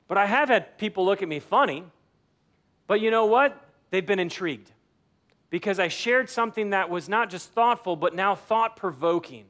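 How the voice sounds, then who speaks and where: High-voiced man preaching conversationally. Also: moderate pace, a bit bright. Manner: conversational preaching, acts out quoted dialogue. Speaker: pastor. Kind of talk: sermon.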